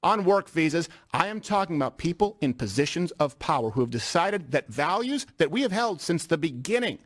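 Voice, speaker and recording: A man's voice: a little high, big pitch swings, a little fast, no echo, studio quality. A man giving emphatic political commentary in an insistent, rhetorical manner. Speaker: commentator in a played clip.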